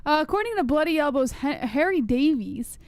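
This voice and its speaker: A woman's voice: high voice, lively intonation, fairly quick, dry recording. A woman with a New York accent co-hosting a casual livestream podcast, giggling and defending how she talks. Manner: giggly, defensive when teased. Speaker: podcast co-host.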